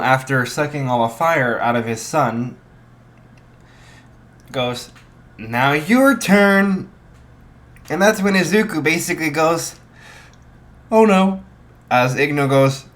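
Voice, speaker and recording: A young man improvising a fan story, halting with many restarts and fillers. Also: medium pitch, a bit bright.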